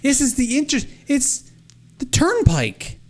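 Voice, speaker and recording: A man co-hosting a podcast, telling stories in a casual, animated, mock-exasperated way. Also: extremely high pitch, a little slow. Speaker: podcast co-host. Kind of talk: casual chat. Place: Florida.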